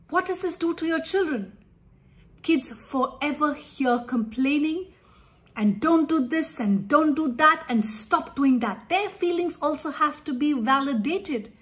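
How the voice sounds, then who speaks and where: A woman parenting coach giving earnest, emphatic advice to parents in an instructive talk. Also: sits high.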